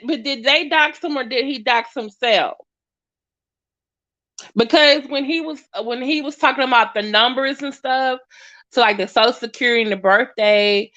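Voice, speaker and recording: A woman's voice: a little high, bright, forceful tone. A woman giving casual reaction commentary, chatty and hesitant with many fillers. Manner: chatty, hesitant, lots of ums. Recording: dull lo-fi audio.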